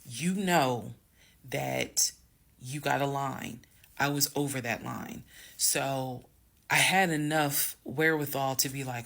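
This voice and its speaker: Gravelly woman telling a dramatic story. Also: rumbling low, takes it slowly. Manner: emphatic, addresses viewers directly; swings between hushed whispers and loud bursts. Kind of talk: storytime monologue.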